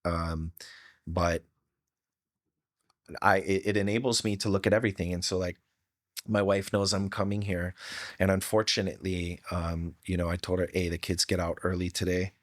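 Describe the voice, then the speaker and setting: Earnest man with a very deep, flat voice. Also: moderate pace, pauses often, dry recording, clean studio sound. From Hawaii. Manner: earnest, heartfelt, casual slang like bro and dude. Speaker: podcast guest. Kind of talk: candid storytelling.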